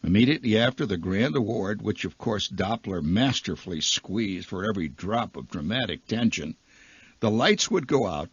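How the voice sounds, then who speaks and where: Guy spinning a funny story on old-time radio, really lively up-and-down voice, a bit husky, dull lo-fi archive sound. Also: fairly low pitch, no room sound. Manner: animated, swings between loud flourishes and hushed asides. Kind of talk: comic storytelling monologue.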